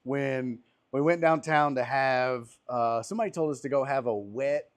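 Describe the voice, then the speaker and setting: A man's voice: mid-range voice, moderate pace. A man hosting a casual podcast chat, a comedian telling profane, rambling stories on an outdoor patio. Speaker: podcast host and stand-up comedian.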